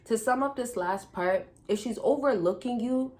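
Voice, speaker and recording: A woman vlogger giving casual dating advice straight to her viewers, chatty and direct, often calling out to the guys and checking in with a quick question. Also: a little high, a little mellow. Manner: chatty, repeatedly addresses "fellas" and checks with "right?". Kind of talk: casual advice talk to camera.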